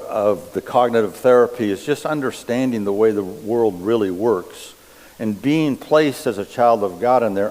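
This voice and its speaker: A man preaching a sermon in a church, reading scripture and explaining it deliberately. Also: lowish voice, darkish tone. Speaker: pastor. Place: church sanctuary. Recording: long reverb of a church hall.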